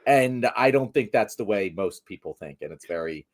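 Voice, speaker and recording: A man's voice: fairly low pitch, expressive, normal speed. Sarcastic, swearing man in political chat. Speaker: political commentator.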